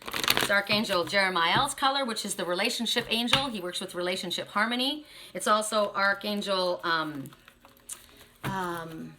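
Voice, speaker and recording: Woman, tarot reader, chatty and emphatic, bright forceful tone, mid pitch, casual spiritual reading. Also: slight background noise. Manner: chatty and emphatic, keeps asking "right?".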